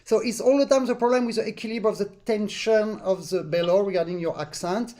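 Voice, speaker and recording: A man's voice: high-pitched, fairly quick, a little mellow. A man teaches an accordion master class over a video call, explaining patiently and singing rhythms in syllables. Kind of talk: online master class instruction.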